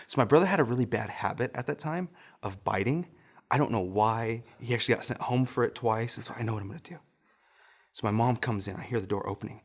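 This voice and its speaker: A man's voice: medium pitch, brisk. A young adult man, a pastor, telling a personal story in a casual sermon and often chuckling as he goes.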